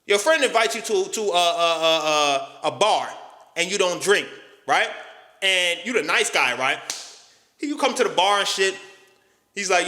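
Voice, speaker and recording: A man's voice: high-pitched, animated, normal speed, sharp tone, echoey room. A man giving a casual motivational talk in street slang, emphatic and profane. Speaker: motivational YouTuber.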